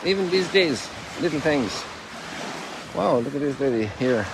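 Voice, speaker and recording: A man with a somewhat high voice walks along a lakeshore at sunrise, sharing a spiritual reflection as a priest. He dwells on scripture slowly and with emphasis, and breaks off now and then in wonder. Wind and surf are clearly heard behind him. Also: lively intonation. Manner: strolling while talking. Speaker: Catholic priest.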